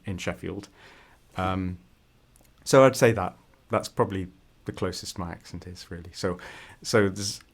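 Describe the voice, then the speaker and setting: A man with a northern English, Yorkshire accent, a podcast guest in casual chat who laughs often and halts with ums. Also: on the low side. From northern England.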